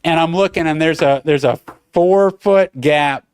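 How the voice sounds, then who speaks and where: Animated man telling a story on a podcast. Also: fairly high pitch, unhurried, clear, resonant tone, dry recording, clean studio sound. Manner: animated, swearing, breathless retelling. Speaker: podcast co-host. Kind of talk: casual storytelling chat.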